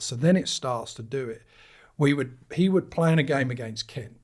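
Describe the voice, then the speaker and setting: A middle-aged English man telling rambling, animated anecdotes in a casual chat as a guest. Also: mid-range voice, normal speed. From England. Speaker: guest, cricket managing director.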